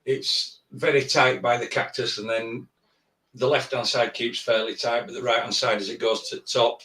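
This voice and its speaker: A man co-hosting a live stream, giving measured tattoo critiques with some hesitations. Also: mid-range voice, level tone, sharp tone, roomy sound, distant mic. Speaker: tattoo artist and co-host.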